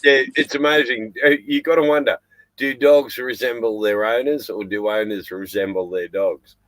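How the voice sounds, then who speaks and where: A man's voice: mid-range voice, steady tone, moderate pace, fairly bright tone, no room sound, low-quality recording. An Australian man in his sixties hosting a casual chat, blunt, swearing freely and laughing often. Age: 60s. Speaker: podcast host.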